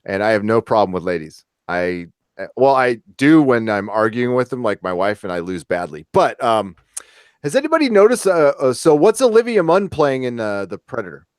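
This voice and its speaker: A man's voice: mid-range voice, big pitch swings, normal speed, no room sound, studio quality. A man hosting a podcast, chatting casually in a rambling way with lots of fillers and swearing. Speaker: podcast host. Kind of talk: casual chat.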